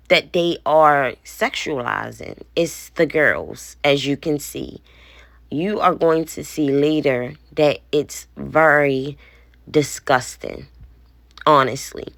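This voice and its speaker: A woman in her thirties talks to the camera as a worried mother, blunt and indignant, with an occasional curse. Her voice sits low and her pace is unhurried. The sound is dry and close, with almost no room around it. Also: vocal fry, no room sound. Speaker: parent vlogger. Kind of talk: casual vlog, showing a phone.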